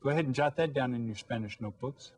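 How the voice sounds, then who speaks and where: Husky-voiced encouraging teacher man. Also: medium pitch, quick pace. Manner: patient, encouraging, prompts kids to repeat words. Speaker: Spanish teacher. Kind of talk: recorded elementary language lesson.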